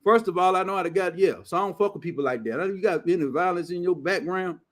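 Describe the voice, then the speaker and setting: Loud, profane man ranting. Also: high voice, fast talker. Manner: loud, blunt and profane, heavy slang. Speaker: show host. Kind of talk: profane casual rant.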